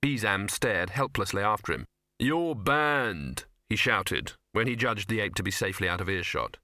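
A man narrates an audiobook in a wry, lively storytelling manner. His voice is bright and crisp at a middling pitch, recorded close and completely dry. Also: brisk, dry recording.

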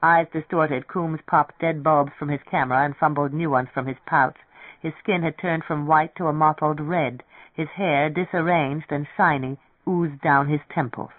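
A narrator giving a measured, steady reading of a novel. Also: mid-range voice, no room sound. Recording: tinny, dry radio broadcast.

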